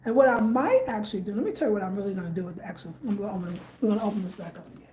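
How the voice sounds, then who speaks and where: A woman talks through her living room design in a loose, chatty vlog, thinking aloud and circling back over her ideas. Her voice is mellow and dark. The room is echoey, with a faint hum behind her. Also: medium pitch, expressive, very fast. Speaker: home design vlogger. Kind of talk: casual home-tour vlog. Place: living room at home, indoors.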